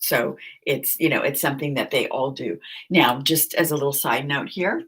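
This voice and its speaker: A woman's voice: a bass voice, moderate pace, a bit bright, breathy edge. A woman giving a conversational recorded lecture, asking the listeners questions and repeating key points.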